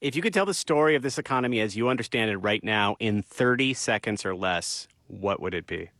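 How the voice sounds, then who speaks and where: A man's voice: lowish voice, animated, fairly quick, fairly bright tone, no echo. A man hosting a news interview, asking direct questions. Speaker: radio interviewer.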